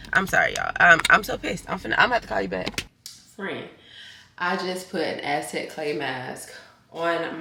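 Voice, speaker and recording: A woman's voice: lowish voice, pushed and bright, roomy sound. A woman, talking to camera in a casual vlog, chatty and blunt, swearing freely. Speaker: vlogger.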